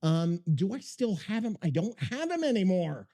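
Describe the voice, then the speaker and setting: A man hosting a podcast in loose, casual chat, rambling and swearing constantly. His voice sits high and leaps all over the place, full of excitable energy. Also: moderate pace. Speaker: podcast host.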